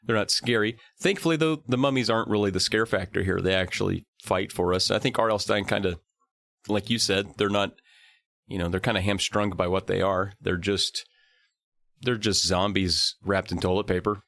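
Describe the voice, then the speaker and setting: A low, gravelly-voiced man chats about a book in an easygoing, wry way. He speaks carefully around a lingering cough. The sound is dry and close. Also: steady tone, normal speed, fairly bright tone, no room sound. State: recovering from a cough. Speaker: podcast co-host. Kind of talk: casual book review chat.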